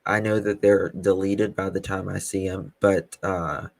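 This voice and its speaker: A man hosting a casual live stream as a web sleuth, reading chat comments in a calm, dry, teasing way. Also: deep voice, measured pace, vocal fry, dry recording.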